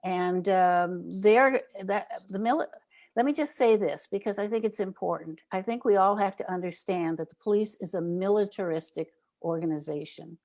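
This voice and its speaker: Speaking at an ordinary pace in a mid-range, somewhat dark voice, this older woman is a child safety advocate guesting on an interview program. She shares community tales in a storytelling manner, voicing the neighbors she quotes.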